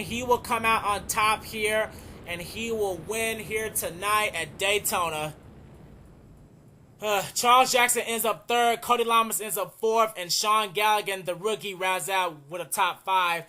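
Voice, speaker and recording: A young man doing excited play-by-play commentary on a race, repeating "oh man" and running out of breath. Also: sits high, a little hiss or hum. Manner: excitable, keeps saying "oh man".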